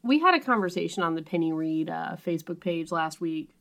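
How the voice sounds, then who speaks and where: Earnest young woman, low voice. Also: expressive, a little fast, creaky, fairly bright tone. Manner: earnest, reflective, talks at length. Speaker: podcast co-host discussing a book. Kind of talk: casual chat.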